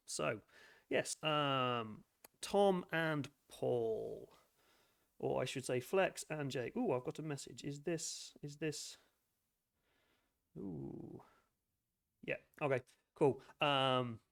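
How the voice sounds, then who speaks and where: A man's voice: mid-range voice, vocal fry. A man running a tabletop horror game as game master, talking with lots of hesitations and restarts. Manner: hesitant, many fillers and restarts.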